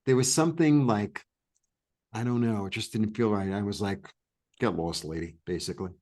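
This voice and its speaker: A New York man, appearing as an interview guest, tells a rambling, animated story full of restarts and fillers in a casual chat. His voice sits lowish and his pace is brisk.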